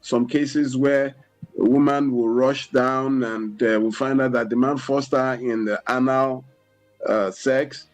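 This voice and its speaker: A man with a Nigerian English accent, a guest expert on a radio talk show, explaining things deliberately and often saying "you know". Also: medium pitch, fairly even intonation, soft background music, low-quality recording. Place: radio studio.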